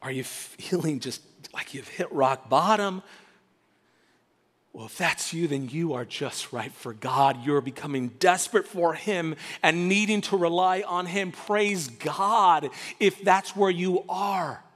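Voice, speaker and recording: Emphatic guy pastor preaching, high and swoopy, long church reverb. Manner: animated, emphatic, preaching with dramatic pauses. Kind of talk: sermon. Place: church sanctuary.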